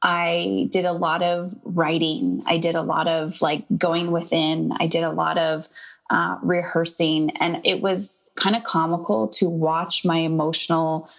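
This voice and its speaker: A woman in her thirties talks as a guest on a podcast, in a casual and animated way. Her voice sits a little low, and she slips into lively voices when she quotes herself and other people. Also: measured pace, creaky, muffled recording. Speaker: interview guest.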